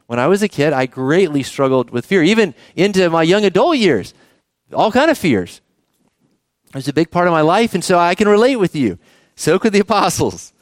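Middle-aged male pastor, chatty animated sermon, high lively voice, dry close sound. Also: dry recording. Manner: animated, conversational, asks the congregation questions.

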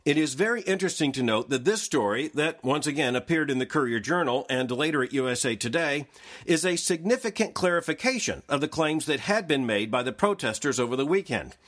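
A man hosting a daily news analysis show, reading scripted commentary in a measured, formal way. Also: fairly high pitch, animated, fairly bright tone.

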